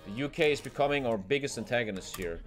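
Excitable swearing male gamer. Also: quick pace, soft background music. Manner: excitable, swears a lot, swings from loud outbursts to low mutters. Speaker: gaming streamer. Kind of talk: casual gameplay commentary.

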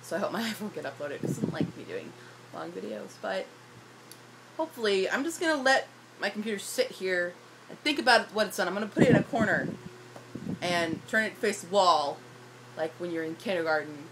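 Hoarse young woman venting into her phone. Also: medium pitch, lively intonation, brisk. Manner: frustrated, rambling, self-deprecating. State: hoarse from shouting. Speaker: YouTuber. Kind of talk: casual vlog rant. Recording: loud background noise.

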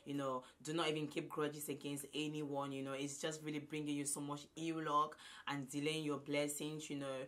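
A woman in her twenties vlogging loudly and effusively to a phone camera, repeating herself often. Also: low-pitched, level tone, normal speed, hardly any pauses. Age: 20s. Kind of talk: casual vlog to camera.

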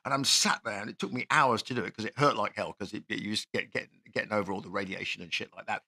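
A man's voice: on the low side, steady tone, quick pace, pushed and bright, breathy edge. A man from the English Midlands hosting a podcast, chatting in a rambling, sweary, boisterous way. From Nottinghamshire, England. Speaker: podcast host. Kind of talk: casual chat.

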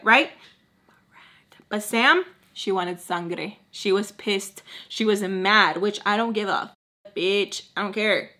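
Blunt, bright-voiced woman vlogger telling a story. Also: medium pitch, a little slow. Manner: blunt, profane, peppers speech with Spanish and fillers. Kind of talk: casual storytime while doing makeup.

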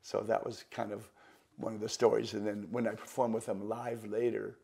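An older man, a guest magician, telling animated stories in an interview. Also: on the low side, normal speed, vocal fry, breathy edge. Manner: animated anecdotes, acting out other people's voices. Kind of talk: storytelling interview.

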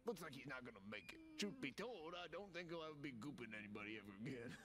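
A man's voice: mid-range voice, animated, fast talker, natural voice. An actor playing a folksy, drawling male alien vendor in a video game, friendly and rambling.

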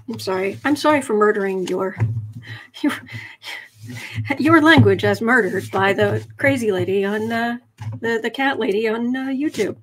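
A woman's voice: on the high side, a little hiss or hum. A woman hosting a casual tarot livestream, reading viewer comments aloud and chatting in a rambling, self-correcting way.

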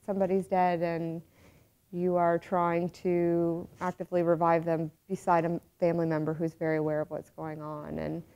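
A woman's voice: on the low side, completely flat delivery, moderate pace, mellow, clear, resonant tone. A woman paramedic speaking candidly and matter-of-factly in a documentary interview. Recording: slightly dull audio with faint music behind.

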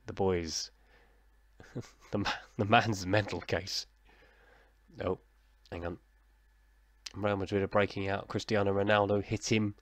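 A man's voice: on the low side, little pitch movement, a little slow, pauses often. A man, casually narrating his football management game like a commentator and chatting with himself in a self-deprecating way. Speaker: gaming YouTuber. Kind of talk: casual let's-play commentary.

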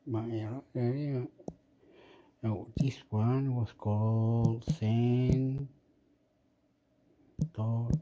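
Slow, mumbling man. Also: mid-range voice, mellow. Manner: mumbling, easily annoyed, talks to the app. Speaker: app reviewer. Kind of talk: rambling screen-recording chat.

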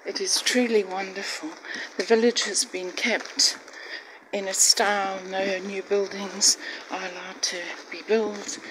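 An older woman vlogging a walking tour, chatty and admiring, often dropping to a hushed voice. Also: medium pitch, little pitch movement, unhurried. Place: outdoors in a village street. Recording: loud background noise.

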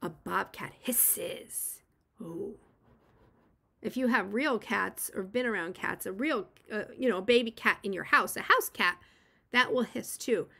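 A woman who teaches preschool, reading a picture book aloud to young children and gently encouraging them to join in. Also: medium pitch, moderate pace, gravelly, husky.

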